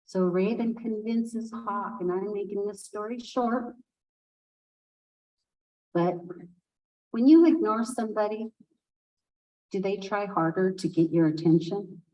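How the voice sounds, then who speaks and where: A woman telling a traditional folk tale aloud at a conference, unhurried and expressive, with asides to listeners. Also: medium pitch, distant mic, poor audio. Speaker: storyteller speaking at a conference. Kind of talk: oral storytelling of a folk tale.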